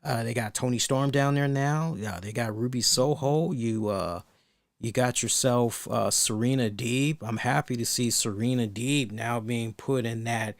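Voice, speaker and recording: A man talks through a wrestling review on his own podcast, rambling and thinking aloud with plenty of restarts. His voice sits at an ordinary middle pitch and is recorded dry and close, with no room sound. He speaks bluntly and swears casually. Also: a little slow, dry recording. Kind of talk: casual solo commentary.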